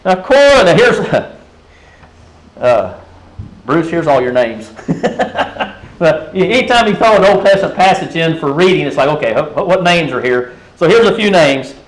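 A man's voice: on the high side, big pitch swings, unhurried, pauses often, poor audio. A man preaching a sermon in a conversational way, often turning to the congregation with rhetorical questions. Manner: frequent restarts and fillers.

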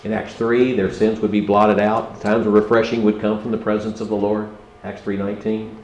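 Impassioned preacher in a roomy hall. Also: male voice, fairly low pitch, little pitch movement, normal speed, darkish tone, a little hiss or hum. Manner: impassioned, rising and falling, rhetorical questions to the congregation. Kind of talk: sermon. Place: church. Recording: roomy church hall, faint ambience.

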